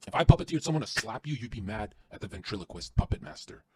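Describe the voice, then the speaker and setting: A man guesting on a podcast, delivering an intense, profane motivational rant that swings from loud to hushed. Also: on the low side, lively intonation, fast, breathy edge, no room sound.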